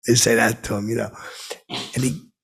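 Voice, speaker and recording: A man with a gravelly, husky voice tells a long comic story in a dim, oblivious deadpan. He rambles with restarts and fillers. His pitch leaps up whenever he acts out what someone said. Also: normal speed. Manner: dim, oblivious character voice that pitches up sharply when quoting people. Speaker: comedic podcast host.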